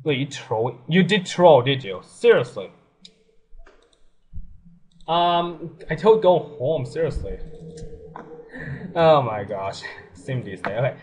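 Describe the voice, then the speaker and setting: A young man giving casual, excitable commentary on a life-sim game, laughing often and swearing freely. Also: medium pitch, slow pace, pauses often, husky. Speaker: let's play gamer.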